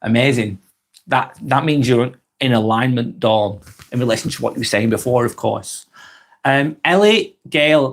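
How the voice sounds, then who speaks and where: A man talks casually on a live stream, earnest and blunt, dropping swear words along the way. His sentences often stop and restart, and his voice sits at a middle pitch for a man. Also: normal speed. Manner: earnest, swears freely, many restarts and trailing phrases. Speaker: live vlog host reading chat comments.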